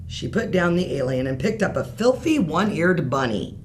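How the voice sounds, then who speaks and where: A woman reading a bedtime story aloud in an expressive, unhurried way. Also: fairly low pitch, a little hiss or hum.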